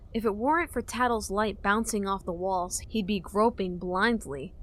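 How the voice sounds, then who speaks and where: A woman reading fan-fiction narration for an audiobook in a steady storytelling manner. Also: mid-range voice.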